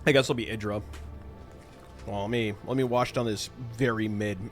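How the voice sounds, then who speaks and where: A man's voice: fairly low pitch, fairly even intonation, moderate pace, soft background music. A man streaming a game, chatting casually and rambling through joking explanatory asides. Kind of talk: casual live-stream chat.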